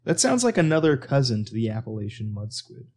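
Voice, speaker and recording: A man with a mid-pitched, faintly husky voice jumps into casual podcast banter. He makes short, dry quips. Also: big pitch swings, fairly quick, a little mellow. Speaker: podcast co-host. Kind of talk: casual chat.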